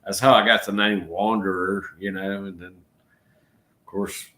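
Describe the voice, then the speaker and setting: A middle-aged man from Georgia with a Southern accent hosts a casual livestream chat. His voice sits a little low, and his talk is folksy and rambling, full of y'all. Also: fairly even intonation, a little slow, bright, forceful tone. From Georgia, USA. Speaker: channel host.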